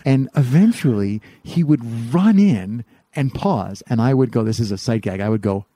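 A man's voice: mid-range voice, animated, warm tone, husky, dry recording. A man hosting a casual podcast, rambling and joking, often laughing at his own stories. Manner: rambling, jokey, quick to laugh. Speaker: podcast host.

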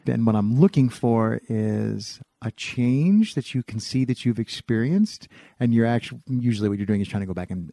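Man, podcast host, quick talker, gravelly, dark tone, jokey rambling, dry close sound. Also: on the low side, no room sound. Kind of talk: casual podcast chat.

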